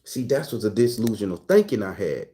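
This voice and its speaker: A man's voice: fairly low pitch, big pitch swings, brisk, warm tone. An older man delivering an impassioned, profane relationship monologue as a channel host, hammering points home with repetition. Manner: profane, preachy, emphatic repetition. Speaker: tarot reader and channel host.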